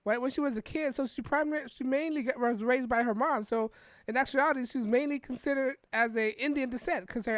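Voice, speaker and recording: A woman podcast host reads an article and gives casual political commentary, rambling, often restarting sentences and tagging them with "right?" Her voice sits on the higher side, and the recording is dry and close, with no room around it.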